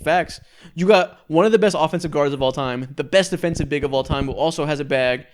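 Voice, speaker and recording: A man's voice: on the high side, a little hiss or hum. A young man co-hosting a casual sports podcast, joking and running a quiz game. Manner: joking, quick banter.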